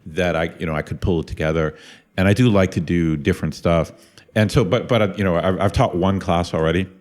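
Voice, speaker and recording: A middle-aged man from Ohio, USA, a university lecturer who co-hosts a casual podcast, talks thoughtfully with many restarts and repeated words. His voice is low, a little fast and a little mellow.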